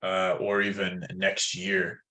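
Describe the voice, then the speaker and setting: Deep guy on a fantasy football podcast, um-ing and uh-ing through his takes. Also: monotone, takes it slowly, sharp tone, rough recording. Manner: thoughtful, hedging with fillers. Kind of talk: casual podcast discussion.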